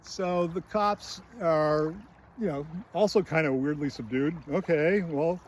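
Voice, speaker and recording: A chatty man walks through a film's scenes and pokes at its dialogue, sliding into quick put-on voices for the characters. His voice sits a touch high. A faint hiss runs underneath. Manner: chatty, recounts scenes with brief put-on voices, frequent fillers. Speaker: screenwriting channel host. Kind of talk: casual film critique.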